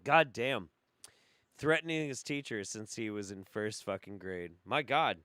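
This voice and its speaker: A man's voice: fairly low pitch, measured pace, fairly bright tone, no room sound. A man hosting a reaction commentary show, swearing freely and breaking into incredulous laughter. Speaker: host.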